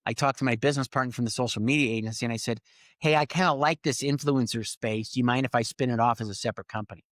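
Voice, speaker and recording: A middle-aged man telling business stories in a casual interview, acting out quoted lines with lively swings. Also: medium pitch, racing, no echo. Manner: animated storyteller, acts out quoted lines. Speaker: podcast guest.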